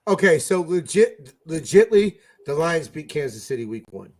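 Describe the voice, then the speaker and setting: Excitable, profane man on a fan podcast. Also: on the high side, normal speed. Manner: profane, excitable, swings loud and soft. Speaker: podcast co-host. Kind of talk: casual sports fan chat.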